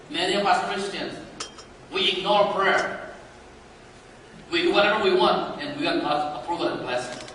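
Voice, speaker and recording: A man preaching a sermon, dramatic, moving between hushed and loud lines. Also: high voice, expressive, moderate pace, long pauses, slight background noise. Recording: echoey hall, from far off.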